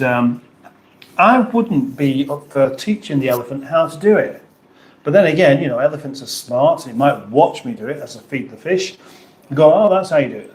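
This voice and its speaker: A man's voice: mid-range voice, darkish tone, echoey room. A man hosting a casual livestream chat, reading out viewer comments with playful, rambling asides. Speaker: livestream host.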